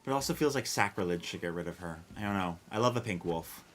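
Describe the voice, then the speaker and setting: Animated, bright-toned rambling male streamer. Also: low voice, quick pace, slight background noise. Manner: rambling, self-questioning, wry, casual swearing. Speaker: live streamer. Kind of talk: casual gameplay chat, reading chat.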